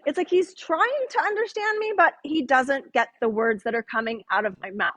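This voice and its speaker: A woman's voice: high-pitched, moderate pace, fairly bright tone, rough recording. A middle-aged woman teaching a women's Bible study, chatty and joking with the group. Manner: chatty, jokes with the audience, acts out voices in quotes.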